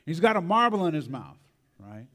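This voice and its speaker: A man's voice: fairly high pitch, sing-song, normal speed, sharp tone. A man preaching a sermon, telling a personal story in a conversational way and tagging his lines with "right?" and "man".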